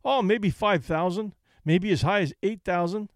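A man's voice: high voice, moderate pace, no room sound, studio quality, voice pushed up. A man reading an audiobook, voicing a cocky, shrewd young male boxer with a breezy, boastful manner. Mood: persuasive.

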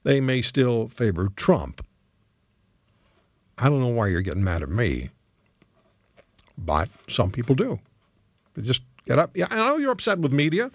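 A male talk radio host with a gravelly voice and lively, swinging intonation. He moves briskly through calls and emails and pushes back firmly. The studio sound is dry and a little dull. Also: mid-range voice, no echo. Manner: brisk, reads listener emails aloud, pushes back on them. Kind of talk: radio call-in show hosting. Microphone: studio microphone.

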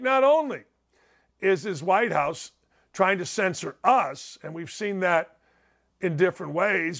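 A man with a notably high speaking voice hosts a talk show. He delivers opinionated, sarcastic commentary and hammers at his targets with rhetorical questions. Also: lively intonation, a little slow, gravelly, a bit bright.

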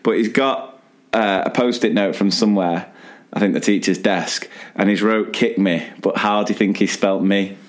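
A man's voice: on the low side, steady tone, moderate pace. A man co-hosting a podcast in casual chat, jokey and laughing along. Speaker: podcast co-host.

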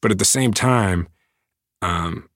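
Deep voiced guy in his 30s, earnest, lots of restarts, dry mic. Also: dry recording. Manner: earnest, halting with many restarts. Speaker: guest. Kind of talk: casual interview talk.

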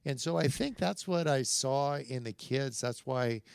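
Brief: middle-aged man, animated storyteller with a gravelly edge, dry close mic. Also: medium pitch, unhurried, no room sound. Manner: animated storyteller, acts out quoted dialogue, chuckles between lines. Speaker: podcast guest. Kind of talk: storytelling in casual conversation.

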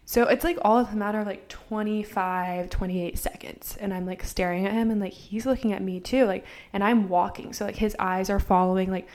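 This podcast co-host, a woman in her twenties, has a mid-range, slightly mellow voice with fairly even intonation, and she talks briskly with hardly any pauses. Chatty and full of fillers, she tells a story and acts out bits of dialogue, swearing as she goes.

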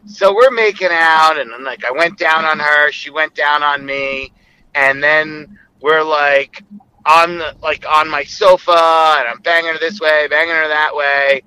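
A man's voice: a little high, fairly even intonation, a little slow, pushed and bright, clean tone, rough recording. A man, a former co-host calling in, telling a rambling, crude story full of filler words. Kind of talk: casual storytelling.

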